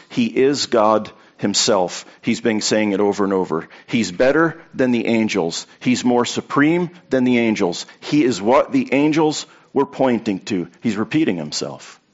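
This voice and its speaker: A man's voice: mid-range voice, dull audio. Man preaching a casual sermon. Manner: repetitive, conversational preaching with anecdotes. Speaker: pastor.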